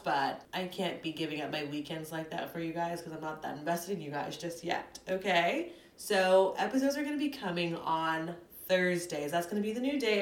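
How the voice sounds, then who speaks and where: Sassy young woman podcast host, roomy sound. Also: fairly low pitch. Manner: sassy, dramatic, ranting. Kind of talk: solo chatty podcast rant. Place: apartment at home. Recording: roomy echo.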